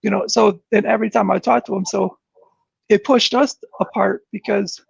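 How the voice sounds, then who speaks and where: High-voiced gravelly man, muffled sound. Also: fairly even intonation, moderate pace, no echo. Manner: earnest, searching, many restarts. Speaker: guest. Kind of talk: reflective interview talk. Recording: dull muffled low-fidelity sound.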